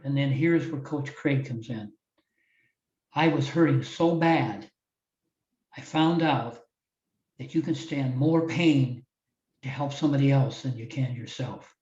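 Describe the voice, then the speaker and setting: An older former wrestling champion from Iowa, USA, now a motivational speaker, shares a heartfelt story as a podcast guest, often restarting his sentences. His mid-range voice is a bit mellow, fairly even in intonation, and a little slow. The audio sounds roomy, distant, and slightly dull.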